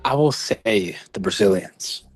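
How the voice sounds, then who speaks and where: A man's voice: fairly low pitch, lively intonation, unhurried, husky, soft background music. A man as a quiz guest, laid-back, answering in short replies. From partly African. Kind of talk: casual online call.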